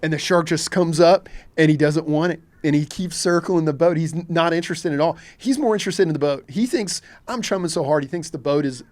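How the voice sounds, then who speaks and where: A middle-aged fishing captain from Kentucky tells a story as a podcast guest, talking fairly quickly with hardly any pauses in a slightly high voice. He's animated, acting out his own reactions in quotes.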